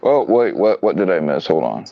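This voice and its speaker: A man's voice: low-pitched, sing-song, moderate pace, creaky, no echo. A man chatting on a livestream, stammering and sarcastic. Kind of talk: casual livestream banter. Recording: dull lo-fi stream audio.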